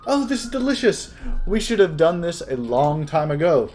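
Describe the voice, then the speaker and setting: Brief: a man putting on a cheerful, girlish young woman for a game date, high and bouncy. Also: big pitch swings, normal speed, a little mellow, faint music behind. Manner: bubbly, girlish, sing-song delivery.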